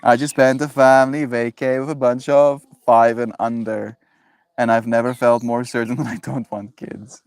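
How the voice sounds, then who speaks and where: A man's voice: medium pitch, flat delivery, moderate pace, gravelly, darkish tone, clean tone, no echo. A man on a daily livestream, chatting in a rambling, playful way, laughing often and reading viewer messages aloud. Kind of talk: casual livestream chat.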